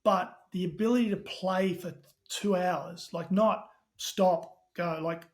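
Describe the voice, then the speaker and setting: Australian man, middle-aged, high voice, lively storyteller guest on a podcast. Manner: animated storyteller, talks fast with casual swearing. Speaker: podcast guest, tech company CEO. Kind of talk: casual podcast chat.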